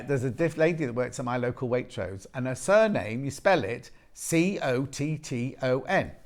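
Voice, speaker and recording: A man presenting on a TV shopping channel, chatty and jokey, bantering and repeating prices. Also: mid-range voice. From West Midlands, England. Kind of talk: live shopping TV sales patter. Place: TV studio.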